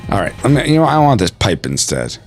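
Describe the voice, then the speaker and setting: A man's voice: on the low side, quick pace, soft background music. A man hosting a podcast stream, chatting casually and jokingly as he reads the live chat while playing a game. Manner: animated, jokey, breaks into a mock accent.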